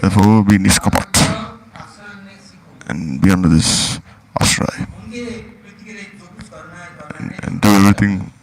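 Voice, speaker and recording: A man's voice: low voice, fairly even intonation, slow pace, long pauses, poor audio. A man giving a devotional discourse, pressing his listeners with repeated rhetorical questions. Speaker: spiritual teacher.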